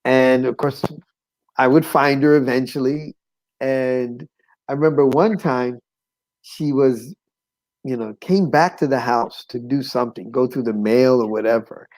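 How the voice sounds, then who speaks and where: Male guest, middle-pitched, animated storyteller who acts out sounds and chuckles. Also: a little slow, poor audio. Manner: chuckles now and then. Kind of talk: personal storytelling.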